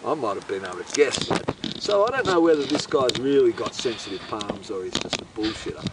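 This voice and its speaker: In an expressive, medium-pitched voice and at a fairly quick pace, an Australian host spins a wandering, swear-filled story, sounding incredulous throughout. The mic is far away and background noise comes through.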